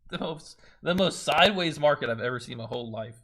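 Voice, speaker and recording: A man's voice: on the high side, animated, fast talker, a bit bright. A young man chatting casually on a trading livestream, swearing freely and talking to his chat. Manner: swearing, laid-back, talks to chat.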